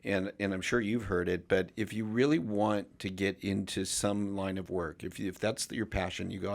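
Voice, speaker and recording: A man's voice: sits low, steady tone, normal speed, creaky, hardly any pauses. A man hosting a casual interview podcast, giving advice in long, reflective sentences. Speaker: podcast host.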